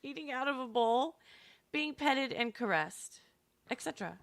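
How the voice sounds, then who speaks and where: A woman's voice: high-pitched, expressive, moderate pace, fairly bright tone, no echo. A woman co-hosting a podcast, reading quiz questions aloud in a matter-of-fact way and often laughing. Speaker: podcast co-host.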